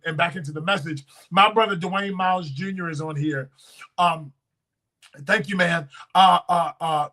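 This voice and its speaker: A man in his thirties preaching a sermon as pastor, testifying with feeling and swinging from hushed moments to loud, drawn-out shouts. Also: a little high, rough recording. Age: 30s. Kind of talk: emotional sermon.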